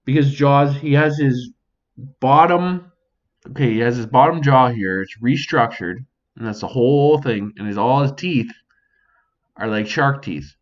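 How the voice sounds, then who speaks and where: Recorded at home beside a sink, a podcast host with a medium-pitched voice speaks at a measured pace. He's casual and profane, talking alone to an audience he imagines. The sound is lo-fi.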